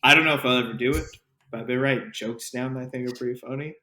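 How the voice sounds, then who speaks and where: A man co-hosting a podcast, telling an animated, profanity-laced story in casual chat. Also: medium pitch, very fast. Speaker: podcast co-host. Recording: roomy echo.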